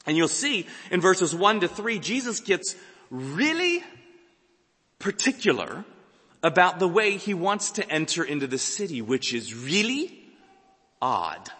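A man preaching a sermon, emphatic and animated, acting out dramatic quotes. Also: fairly high pitch, long reverb tail.

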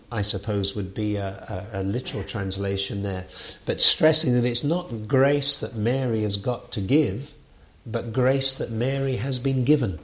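A man's voice: on the low side, unhurried, bright, forceful tone. A man giving an unscripted lecture on Bible translation, thoughtful, with frequent fillers and restarts.

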